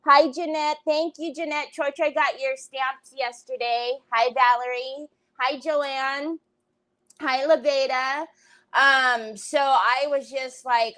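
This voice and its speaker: High-voiced woman hosting a craft livestream. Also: fairly even intonation, slow pace, low-quality recording. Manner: chatty, greets viewers by name between stories; loud bursts of laughter and exclamation. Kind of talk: casual chat to live viewers. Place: home.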